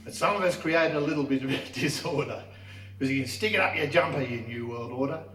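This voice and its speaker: A man's voice: on the high side, a little fast. A man reading his own rhyming poems at an open mic, wry and joking about his lines. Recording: echoey room, mic far off, faint noise.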